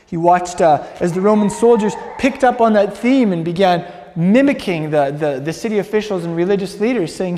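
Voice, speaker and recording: A man's voice: high voice, moderate pace, dark tone. A man preaching, retelling a story earnestly with many restarts and repeated words. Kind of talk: sermon storytelling. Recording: long hall reverb.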